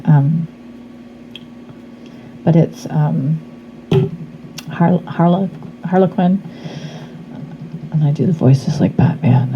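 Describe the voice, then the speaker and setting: A slightly hoarse woman reading tarot cards in a casual vlog, talking in a chatty, meandering way that trails off into fillers. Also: sits low, muffled recording, a little hiss or hum. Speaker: tarot reader.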